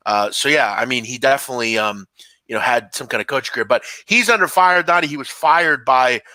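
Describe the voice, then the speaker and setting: Bright-voiced rambling male sports host. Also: mid-range voice, fairly quick, no room sound. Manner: loose and rambling, lots of "like" and "uh". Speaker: sports betting show host. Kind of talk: casual sports chat.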